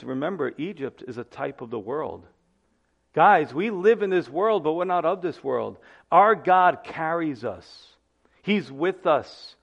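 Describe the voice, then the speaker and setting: Male pastor with a high voice, emphatic sermon delivery with repeated phrases, on a dull, muffled recording. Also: animated, unhurried, creaky. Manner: emphatic, repeats key phrases, addresses listeners as guys.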